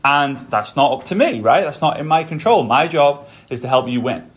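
Male podcast host, a touch high-voiced, upbeat motivational storyteller, talking while on a treadmill. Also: moderate pace. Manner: energetic, storytelling, talks while walking on a treadmill.

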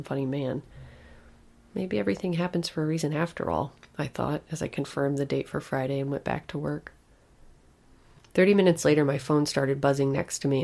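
A woman narrating a first-person horror story in a steady, flat storytelling manner. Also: deep voice, creaky.

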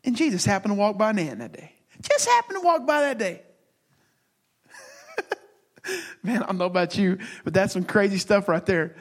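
A man preaching a sermon with passion, swinging between loud bursts and hushed, halting asides. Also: high-pitched, sing-song. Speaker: pastor.

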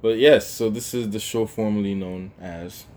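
Guy co-hosting a chill talk show, lowish voice, rambles with lots of ums and restarts. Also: steady tone, normal speed, darkish tone, slight background noise. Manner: loose, rambling, with many fillers and restarts. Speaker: podcast co-host. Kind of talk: casual chat.

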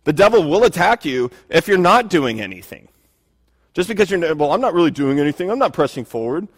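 A man's voice: fairly high pitch, sing-song, fairly quick. A man preaching a sermon in an earnest, conversational way, often restarting his phrases. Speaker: pastor. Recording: long reverb of a hall.

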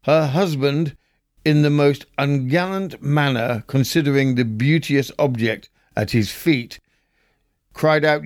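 Guy reading out an old newspaper story, real slow and unhurried, dry close sound. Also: medium pitch, dry recording. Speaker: host. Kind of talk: reading a historical news extract aloud.

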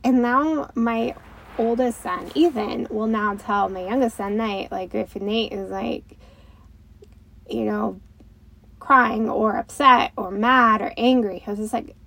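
A woman in her thirties speaks in an unhurried, casual way, reflecting gently as a mother and host. Her voice sits a little high with a gravelly fry running through it, and she leans on fillers as she thinks aloud. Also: low-quality recording. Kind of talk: casual talk.

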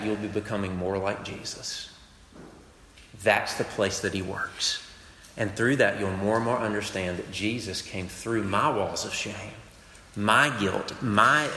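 A man's voice: lowish voice, fairly bright tone. A young man from Mississippi, preaching a sermon in an earnest, conversational way with casual asides. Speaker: campus preacher. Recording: echoey hall, faint background noise.

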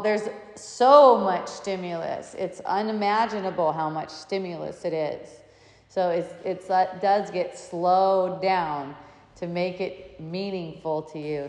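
A woman giving a reflective spiritual talk, telling a personal story in an animated, chatty way with frequent restarts. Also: fairly low pitch. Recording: echoey hall, reverberant.

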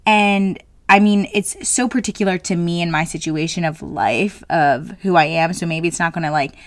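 A woman's voice: on the low side, normal speed, no room sound. A woman in her late twenties talking casually as a solo host, frank and jokey, full of fillers. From New Jersey. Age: 20s.

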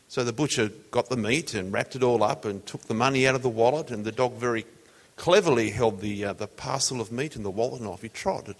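A man's voice: mid-range voice, a little fast, hardly any pauses. A man preaching a sermon in a conversational, storytelling way. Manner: conversational, tells jokes as illustrations. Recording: long hall reverb.

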